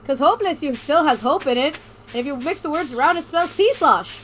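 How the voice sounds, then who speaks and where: Woman, gaming host, high voice, goofy and excitable, noisy voice-chat audio. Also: a little fast. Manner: goofy, excitable, joking around. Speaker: let's play host. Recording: noisy background hiss.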